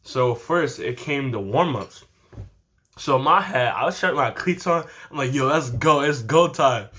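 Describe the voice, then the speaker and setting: A teenage boy casually telling a story time to his channel, animated and slangy, laughing often. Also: medium pitch, normal speed. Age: teens. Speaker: vlogger.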